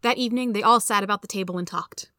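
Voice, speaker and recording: A woman hosting a reading podcast, reading a story aloud in a steady, clear storytelling manner. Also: mid-range voice, fast talker, dry recording, studio quality. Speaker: host and reader.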